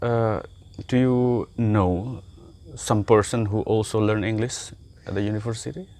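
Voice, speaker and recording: A man's voice: lowish voice, steady tone, unhurried, a little mellow. An Indonesian man with an Indonesian accent, hosting a casual chat in English and asking curious questions. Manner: curious, encouraging with many backchannels.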